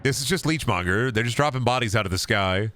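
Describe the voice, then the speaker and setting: Bright-voiced man riffing sarcastically over a game. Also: medium pitch, animated, quick pace, a little hiss or hum. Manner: rambling, sarcastic, profane, riffing with goofy voices. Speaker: streamer. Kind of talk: casual gameplay commentary.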